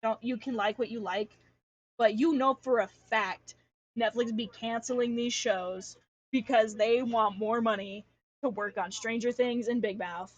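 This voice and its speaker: A woman's voice: fairly high pitch, fairly even intonation, unhurried, no room sound, lo-fi sound. A young adult woman chatting casually on a livestream while drawing, rambling and ranting with lots of filler and restarts. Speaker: artist streamer.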